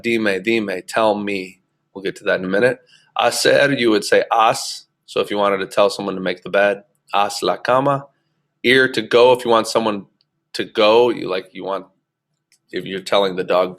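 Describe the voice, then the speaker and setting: A man teaching a screencast grammar lesson, explaining patiently and slowing down to speak example phrases. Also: fairly low pitch, vocal fry, a bit bright. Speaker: Spanish teacher. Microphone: computer mic for a screen recording.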